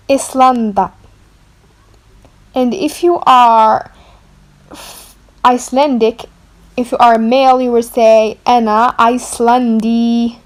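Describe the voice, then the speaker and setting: A woman gives a beginner language lesson at an unhurried pace. Her voice sits a little high, and she repeats each new word slowly and clearly so learners can copy it. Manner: slow, careful, repeats words for learners to copy; writes on a board while explaining. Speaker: language teacher.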